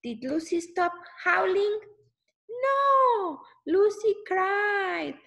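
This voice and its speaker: A woman's voice: sits high, very animated, slow, lo-fi sound. A woman reading a picture book aloud to children, exclaiming often and stopping to ask the listener questions.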